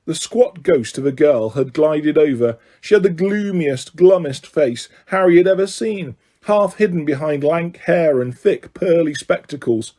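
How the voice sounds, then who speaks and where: A man's voice: a little high, unhurried, hardly any pauses, mellow. A man reading a storybook aloud as amateur narration, slipping and correcting himself now and then. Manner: slips and self-corrects, laughs. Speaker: audiobook reader.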